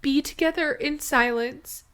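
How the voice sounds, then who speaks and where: A woman's voice: sits high, a little slow, a bit bright. A woman co-hosting a casual podcast chat, gushing and rambling with lots of fillers and restarts. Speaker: podcast co-host.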